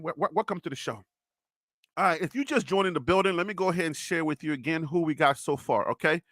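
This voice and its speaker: A man with a high, bright voice hosts a live sports stream, teasing his chat and breaking into laughter. The sound is dry and close on the mic. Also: no room sound. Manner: teasing, loud, bursts of laughter, talks to chat viewers. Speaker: live sports show host.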